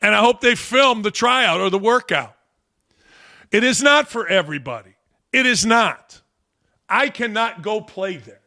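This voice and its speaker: A man's voice: high-pitched, animated, measured pace, sharp tone. A man hosting a sports talk show, ranting bluntly and scornfully in an exasperated way. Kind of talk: opinionated podcast rant.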